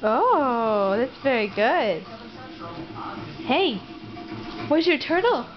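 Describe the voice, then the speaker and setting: A woman's voice: sits high, big pitch swings, very slow, muffled recording, music in the background. A young mother at home, talking sing-song baby talk and coaxing her toddler, laughing often. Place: family home.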